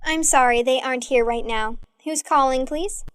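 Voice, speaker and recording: A woman teaching English, reading short everyday dialogues aloud, taking both parts, in a clear, careful way for learners to repeat. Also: high-pitched, normal speed, fairly bright tone, no echo, clean studio sound.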